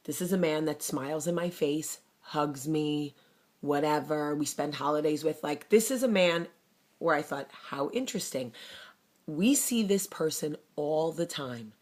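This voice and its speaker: Low-voiced fiery woman. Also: unhurried. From New Jersey. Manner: fiery, blunt, animated storytelling. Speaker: vlogger. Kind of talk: casual talk to camera.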